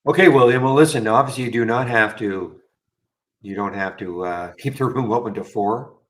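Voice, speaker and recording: A man's voice: medium pitch, moderate pace, low-quality recording. A man hosting a live trading room, chatting loosely and wryly to viewers as he reads market news. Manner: rambling, wry, talks to chat viewers.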